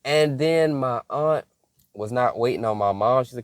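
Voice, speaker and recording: A young man from Michigan telling a casual story as a faith vlogger, animated, laughing often and breaking into mock-scolding asides. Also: medium pitch, moderate pace, no room sound, clean studio sound.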